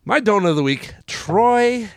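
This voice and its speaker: A man's voice: medium pitch, moderate pace, no echo. Brief: male sports-chat host, argues his takes with energy, very dry room. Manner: animated, argumentative, laughs often. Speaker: podcast host.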